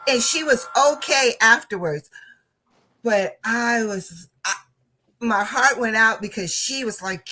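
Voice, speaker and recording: A woman's voice: medium pitch, animated, measured pace, sharp tone, poor audio. A woman hosting a crafting channel, telling a casual story and often laughing while she talks.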